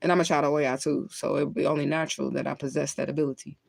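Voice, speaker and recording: A woman's voice: deep voice, little pitch movement, rapid-fire, vocal fry, a little mellow, dry recording. Rambling, cussing woman on a livestream. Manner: rambling, profane, laughs often; talks while lighting and smoking. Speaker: spiritual reader on a livestream. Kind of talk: casual livestream chat.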